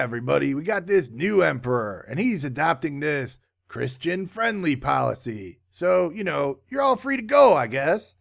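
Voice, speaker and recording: Pompous Roman governor, done by a man, very gravelly voice, official tone. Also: on the high side, exaggerated voice.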